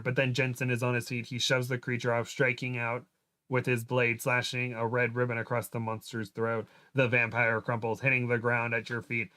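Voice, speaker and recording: A man's voice: medium pitch, sharp tone, clear, resonant tone. A man reading a fan story aloud as a livestream guest, amused and reading with a loose, casual flow. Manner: amused, breaks into laughter while reading. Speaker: guest reader.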